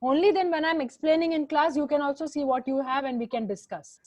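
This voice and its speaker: A woman's voice: high voice, brisk, a little mellow, dull audio. A woman teacher with an Indian English accent, giving an online class over a video call. She repeats her instructions, switches into Hindi, and scolds students by name.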